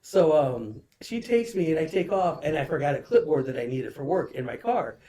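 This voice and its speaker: A man's voice: on the high side, sing-song, normal speed, mellow. A man in his forties, a guest telling a long story in casual chat, rambling with constant swearing and "dude".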